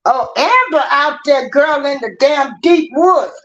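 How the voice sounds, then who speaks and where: A woman from Mississippi chats loosely on a live call, slow and easygoing. Her voice is high, and it comes through a dull, lo-fi line. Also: animated, fairly bright tone. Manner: loose, joking. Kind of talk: casual group chat. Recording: dull lo-fi online call audio.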